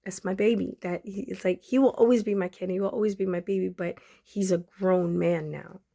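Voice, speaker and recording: A woman's voice: on the low side, fairly even intonation, brisk, creaky, dark tone. Podcast host, woman in her forties, emotional, on the verge of tears, speaks straight to her listeners. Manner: emotional, near tears, fighting back crying; conversational, addresses listeners directly. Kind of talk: emotional personal talk to followers.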